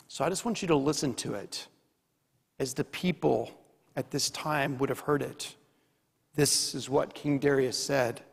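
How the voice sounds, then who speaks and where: A pastor delivers a sermon in an unhurried, deliberate way, with an emphatic, earnest manner and pointed rhetorical questions. His voice sits high for a man. The church hall around him leaves a long, lingering reverb. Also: gravelly.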